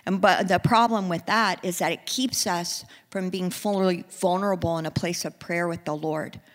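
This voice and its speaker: A woman preaching a sermon, earnest, moving from hushed and soft passages to rising, emphatic ones. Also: fairly low pitch, steady tone, normal speed, big-room sound.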